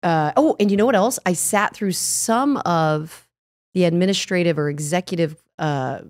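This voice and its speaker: A woman's voice: on the low side, moderate pace, no room sound, studio quality. A woman hosting a podcast, chatting casually in a reflective, hesitant way. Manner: reflective, hesitant, many restarts. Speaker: podcast host. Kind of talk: casual chat.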